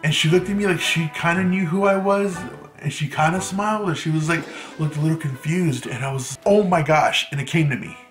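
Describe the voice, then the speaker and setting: This man's voice is slightly high, brisk, and a bit bright. A vlogger of Mexican descent, he tells a teenage-years story in a casual storytime vlog, talking loosely and leaning heavily on "like," while music plays behind him in an echoey room.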